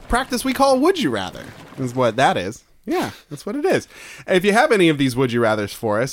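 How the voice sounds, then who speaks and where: A man hosting a casual comedy podcast, playful and quick with asides. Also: medium pitch. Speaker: podcast host.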